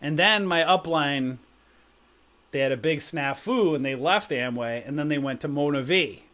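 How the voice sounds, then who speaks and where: A middle-aged man hosts a stock trading live stream, his somewhat high, slightly bright voice moving at a moderate pace. In casual chat he tells rambling anecdotes and often asks "right?"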